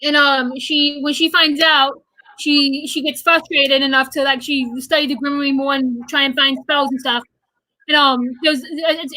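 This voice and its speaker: A young woman with a high, bright voice chatting on a livestream. She talks fast and eagerly, tripping over her own words. The sound is close and dry. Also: no echo, poor audio. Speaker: guest, theater fan. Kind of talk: excited livestream chat.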